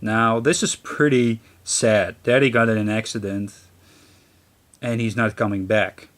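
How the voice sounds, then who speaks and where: Game music plays under this gaming channel host's loose let's-play commentary, captured by a camera mic aimed at a handheld console screen. He rambles, apologizes, and restarts sentences; his voice is on the low side, unhurried and fairly bright, with fairly even intonation.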